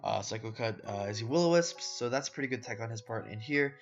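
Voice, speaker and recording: A man's voice: mid-range voice, animated, quick pace. Laid-back man narrating his game matches. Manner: laid-back, rambling, lots of fillers, addresses viewers as "boys" and "guys". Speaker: competitive Pokémon player commentating his own matches. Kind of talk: casual gameplay commentary voice-over. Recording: dull lo-fi audio with background music. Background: soft guitar background music.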